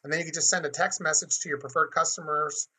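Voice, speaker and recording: Bright, husky-voiced man hosting a webinar. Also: fairly high pitch, steady tone, fast talker. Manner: chatty, acts out dialogue. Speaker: webinar host. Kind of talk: marketing webinar.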